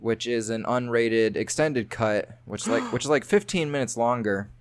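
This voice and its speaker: A man's voice: medium pitch, moderate pace, smooth. A man co-hosting a podcast in casual chat, jokey and loose, laughing often. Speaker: podcast co-host.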